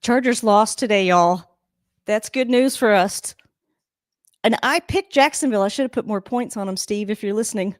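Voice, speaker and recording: A woman's voice: medium pitch, normal speed, no room sound. Chatty woman streamer, dry close sound. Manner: chatty and rambling, laughs often. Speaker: live-stream host. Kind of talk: casual live game reaction.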